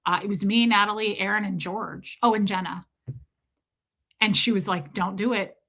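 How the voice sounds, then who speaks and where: A woman's voice: medium pitch, steady tone, moderate pace, bright, forceful tone. A woman hosting a casual livestream, telling a story emphatically and acting out the voices of people in it. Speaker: livestream host.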